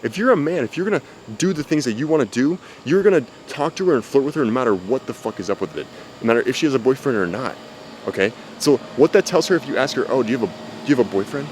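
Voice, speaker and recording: A man's voice: medium pitch, lively intonation, fast, a little mellow, a little hiss or hum. A man giving blunt, profane dating advice in casual talk to camera, outdoors. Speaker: dating coach. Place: outdoors with cicadas. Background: faint cicadas.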